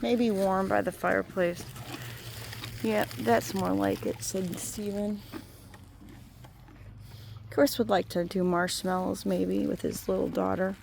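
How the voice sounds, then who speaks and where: Woman, rambling sing-song baby talk to a farm animal, gravelly, faint outdoor noise on a phone. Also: mid-range voice, steady tone, slow, long pauses. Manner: sing-song baby talk to a cow, drifting into soft musings. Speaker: animal lover talking to a cow. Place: outdoors by a cow pasture.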